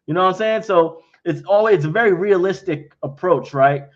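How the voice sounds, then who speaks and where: Answering investor questions on a casual livestream, a man speaks briskly in a high voice, bluntly and frankly. He often acts out both sides of conversations, and the sound is lo-fi.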